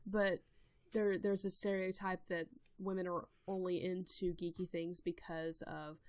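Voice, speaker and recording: A woman hosting a casual podcast chat, playful and quick to laugh. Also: on the low side, level tone, dry recording. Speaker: podcast host.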